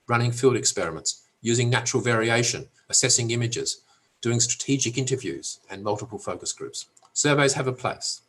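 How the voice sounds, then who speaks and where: An older man with an Australian accent giving an academic webinar lecture in a measured, emphatic way, with touches of dry humour. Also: mid-range voice, fairly bright tone. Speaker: professor giving a webinar talk. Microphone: webinar recording.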